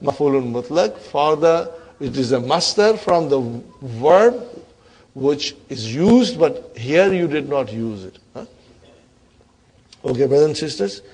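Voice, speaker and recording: A middle-aged male Arabic teacher with a slightly high voice lectures his class in plain, encouraging English. He quizzes the students often and says Arabic phrases slowly and deliberately. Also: animated, darkish tone, husky.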